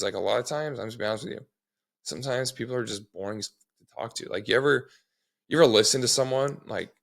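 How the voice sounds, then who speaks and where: Male sales trainer, casual and blunt, a gravelly edge, checks in with the listener constantly. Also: mid-range voice, fairly bright tone. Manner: blunt, swears, repeats "okay?" to check in.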